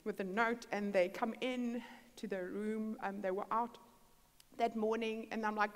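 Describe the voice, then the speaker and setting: A woman's voice: mid-range voice, fairly even intonation, measured pace. A woman preaching a storytelling sermon in a church hall, acting out the dialogue in her stories. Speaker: guest preacher. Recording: long church-hall reverb.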